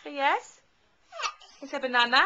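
A young mother at home, slowly coaxing her toddler to say words in an encouraging, sing-song way, filmed on a handheld camcorder. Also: sits high, sharp tone, dull audio, a little hiss or hum. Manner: slow, sing-song, encouraging baby talk.

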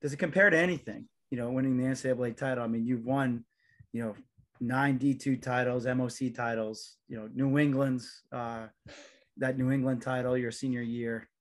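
A man's voice: mid-range voice, steady tone, normal speed. A man interviewing an athlete, asking friendly, rambling questions with frequent restarts. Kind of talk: casual sports interview.

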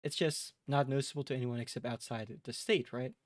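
This Midwestern American streamer speaks fairly quickly in a mid-range voice, loosely rambling as he talks directly to his chat. There's no room sound, and the recording has studio quality.

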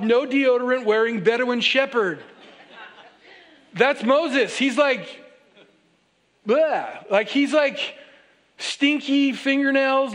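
A pastor with a high, light voice delivers a sermon in a church. He moves between reading scripture and playful, animated asides where he acts out the characters, and he keeps a casual, joking tone with his congregation. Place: church sanctuary.

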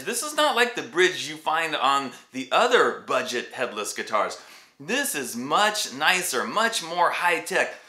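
A man's voice: a little high, sharp tone. A man hosting a casual, enthusiastic guitar review, chatting to viewers as he demonstrates. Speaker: guitar reviewer and YouTube host. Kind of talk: casual product review and demo. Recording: echoey room.

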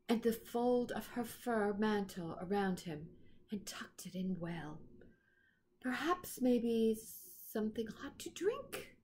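Slow, careful woman storyteller. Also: medium pitch, darkish tone, slight background noise. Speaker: reader. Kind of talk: storybook read-aloud.

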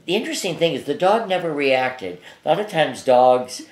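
A man's voice: on the high side, sing-song, moderate pace, a little mellow, reverberant. Older man rambling through stories. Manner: rambling, anecdotal, many fillers and restarts. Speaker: psychic guest. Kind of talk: casual storytelling interview. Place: his apartment.

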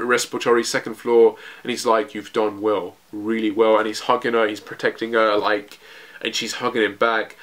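A young man giving an excited, rambling recap of manga chapters, full of fillers and restarts. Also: mid-range voice. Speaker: manga reviewer.

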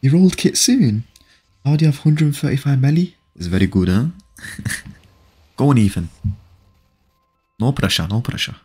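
Excitable young man streaming games. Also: mid-range voice, moderate pace, pauses often, breathy edge. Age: young adult. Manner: excitable, pleading and laughing, talks to chat. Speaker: game streamer. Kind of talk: live gaming stream chatter. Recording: faint background music.

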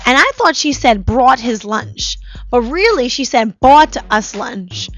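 A woman's voice: a little high, big pitch swings, unhurried, a bit bright, soft background music. A woman hosting a casual talk show, telling stories in a chatty way full of "like" and "you know". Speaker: host. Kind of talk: casual chat. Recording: dull lo-fi live stream audio.

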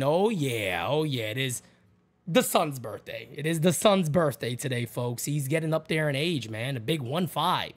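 A middle-aged man hosting a live stream, chatting casually and calling out viewers' names with loud, high-pitched greetings. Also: normal speed. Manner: animated, jumps high and loud when greeting viewers by name.

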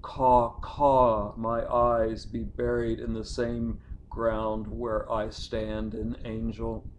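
Male poet, low and slow, chanting an incantatory litany. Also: completely flat delivery, muffled recording, a little hiss or hum. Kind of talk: poetry reading.

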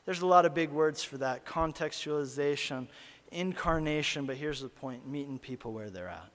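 High-voiced pastor preaching in a reverberant hall. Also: male voice, moderate pace. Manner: storytelling, swings from hushed to loud animated yelling. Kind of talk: sermon. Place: church sanctuary.

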